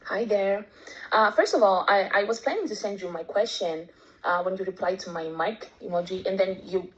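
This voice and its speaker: A woman's voice: mid-range voice, moderate pace, muffled recording. A woman from Greece with a Greek accent, leaving a hesitant voice memo question full of ums. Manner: hesitant, many ums and restarts. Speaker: caller sending a voice memo.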